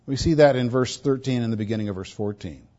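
A man's voice: medium pitch, fast, warm tone. A man preaching a sermon as a pastor, stressing points by repeating words. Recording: dull lo-fi recording.

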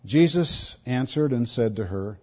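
A man's voice: mid-range voice, expressive, a little slow, darkish tone. A man preaching a sermon as a pastor, stressing points by repeating words. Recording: dull lo-fi recording.

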